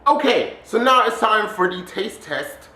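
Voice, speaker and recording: A man chatting excitedly in a casual DIY vlog, full of fillers and exclamations. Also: high-pitched, a little slow, roomy sound. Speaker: DIY candy vlogger.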